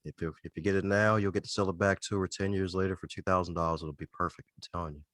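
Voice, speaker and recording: A man's voice: sits low, fairly even intonation, fast talker, a bit bright, dry recording. A man hosting a podcast interview in casual chat, playful and jokey, leaning on catchphrases. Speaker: podcast host.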